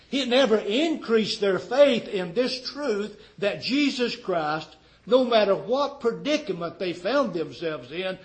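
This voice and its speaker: Guy preaching a sermon, pretty high voice, fired up, lots of rhetorical questions, gets loud then drops real quiet. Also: rough recording. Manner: fervent, rhetorical questions, wide swings in loudness.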